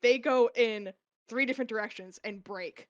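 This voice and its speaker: A young adult woman, a podcast guest, telling a story in casual chat with lively, casually profane delivery. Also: a little high, moderate pace, no room sound, lo-fi sound.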